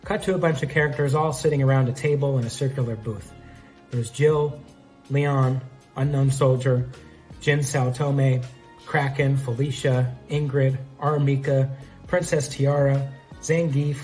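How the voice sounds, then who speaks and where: A man's voice: mid-range voice, fairly even intonation, measured pace, a little mellow, soft background music. A man reading his own fan script aloud in a casual, self-aware way, narrating the actions and naming the speakers. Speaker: script reader.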